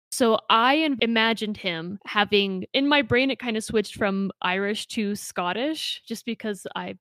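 A woman's voice: medium pitch, a bit bright, no echo. A woman co-hosting a podcast, chatting casually and gushing about a book, swearing freely. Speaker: podcast co-host. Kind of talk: casual book-club chat.

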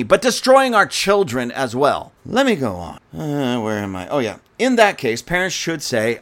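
A man's voice: fairly high pitch, sing-song, moderate pace, hardly any pauses, a bit bright. A man giving an indignant, sarcastic political commentary rant, speaking scornfully to his audience.

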